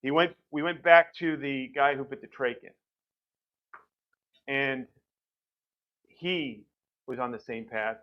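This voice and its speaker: A man's voice: mid-range voice, slow pace, pauses often, dull audio. Man giving a church testimony. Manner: conversational storytelling, acts out quoted doctors. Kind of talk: personal testimony from the pulpit. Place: church sanctuary.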